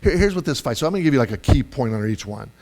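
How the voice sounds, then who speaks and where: A man preaching a sermon in a lively, conversational way, acting out quoted voices with sudden loud bursts. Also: medium pitch, rapid-fire. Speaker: pastor.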